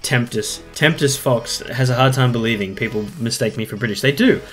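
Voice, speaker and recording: Streaming a tank game live, an Australian man keeps up animated, casual banter full of swearing. He speaks fairly quickly in a mid-range voice while soft music plays behind him.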